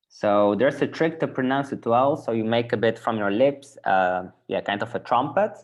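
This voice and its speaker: A man with a Dutch accent teaching a Dutch class online, patiently repeating words slowly for learners, with a native Dutch speaker's English. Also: mid-range voice, expressive, muffled recording.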